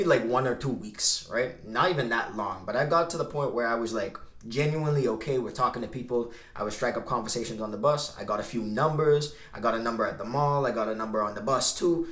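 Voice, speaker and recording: A man talking casually to camera as a vlogger giving dating advice, telling stories and acting out both sides of conversations. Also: medium pitch. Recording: roomy echo.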